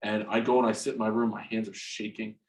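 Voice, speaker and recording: A man in his forties from New Jersey, a guest in an interview, telling a personal story frankly and haltingly, restarting and repeating words and swearing freely. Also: on the low side, level tone, low-quality recording. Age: 40s.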